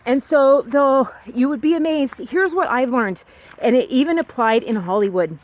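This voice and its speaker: A woman's voice: sits high, normal speed, darkish tone. A woman vlogging outdoors on a walk, talking earnestly and rambling with many restarts. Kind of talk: candid personal monologue.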